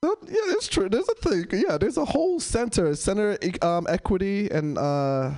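A young man doing stand-up, telling stories and acting out characters in a high voice. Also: moderate pace. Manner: animated, acts out characters in a high voice. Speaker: stand-up comedian. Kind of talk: stand-up storytelling.

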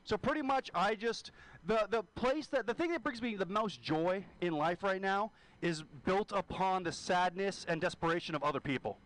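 High-voiced young-sounding male comic. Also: normal speed, poor audio. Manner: crude, self-deprecating, deadpan jokes. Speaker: stand-up comedian. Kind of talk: stand-up comedy. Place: comedy venue, live audience.

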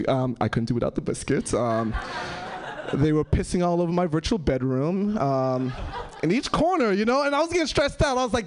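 Young male stand-up, high and very lively delivery, halting rambler full of fillers. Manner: rambling, halting storyteller with many fillers and sudden high-pitched outbursts. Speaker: stand-up comedian. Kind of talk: stand-up comedy set.

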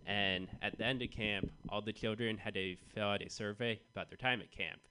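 A man's voice: on the low side, steady tone, a little fast, pushed and bright, clean tone. A young man performing a self-deprecating stand-up set on a club stage, telling awkward stories about himself. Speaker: stand-up comedian.

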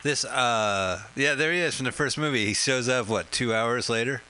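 A man's voice: medium pitch, moderate pace, sharp tone, slight background noise, poor audio. A man co-hosting a comedy podcast, joking and riffing on a film while trying out silly impressions. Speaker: podcast co-host. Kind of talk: comedic riffing over a movie.

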